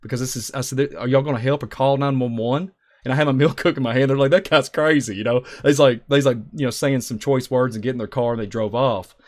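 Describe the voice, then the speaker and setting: A man's voice: mid-range voice, fairly even intonation, quick pace, a little mellow. A man telling stories on a talk show, emphatic and rambling, acting out the voices of people in his stories. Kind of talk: animated storytelling on a talk show.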